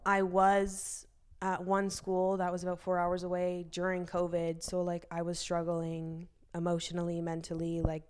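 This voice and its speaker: A woman's voice: on the low side, completely flat delivery, normal speed, clear, resonant tone. A woman in her early twenties, a podcast guest telling stories casually, chatty and full of fillers, acting out quoted dialogue. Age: early 20s. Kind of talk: casual storytelling.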